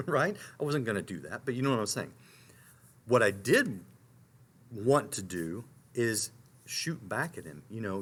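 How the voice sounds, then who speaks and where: Lively storytelling man, low voice. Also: moderate pace, breathy edge. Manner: animated storyteller, frequent restarts and asides. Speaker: talk show host. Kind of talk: storytelling on a live talk show.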